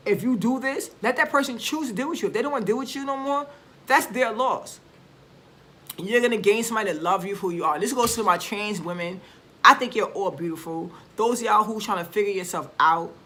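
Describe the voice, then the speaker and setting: A woman speaks straight to her viewers in a loose, unscripted rant. Her voice is bright and forward, and she leans hard on her points with swearing and sudden emphasis, often stopping to restart a thought. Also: medium pitch. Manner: blunt, emphatic and profane, often trailing off and restarting. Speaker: vlogger. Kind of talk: casual rant to camera.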